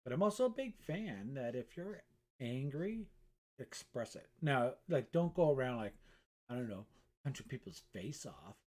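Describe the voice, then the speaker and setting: A man's voice: mid-range voice, big pitch swings, normal speed, a little mellow. A middle-aged man, a painter, chatting casually on a live stream from his art studio, rambling and self-mocking and swearing freely.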